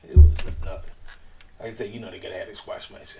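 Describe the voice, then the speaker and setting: A man's voice: on the low side, fairly even intonation, fast, dark tone, distant mic, a little hiss or hum. A man giving a casual, slangy wrestling show recap, chatty and acting out what people said. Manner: chatty, slangy, retells scenes in quoted voices.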